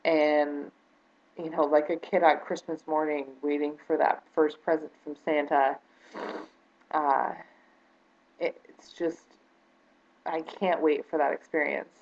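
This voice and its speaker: A woman with a low, deep voice speaks straight to camera in a personal vlog. She talks earnestly and sounds close to tears, hesitating and restarting with plenty of ums. The audio is dull and lo-fi, like an old 2012 webcam. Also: flat delivery, slow pace, long pauses, a little mellow. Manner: hesitant, many fillers and restarts. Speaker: vlogger.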